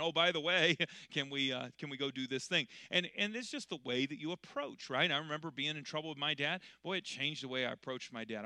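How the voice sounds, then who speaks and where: A middle-aged man preaching a sermon in church as pastor, swinging between loud, emphatic preaching and quiet, conversational explaining. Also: mid-range voice, no echo.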